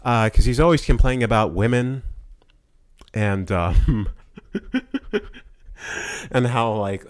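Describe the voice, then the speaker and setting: A young man from Florida chatting casually on a podcast, profane and quick to laugh in mock outrage. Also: medium pitch. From Florida, USA. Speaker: podcast host.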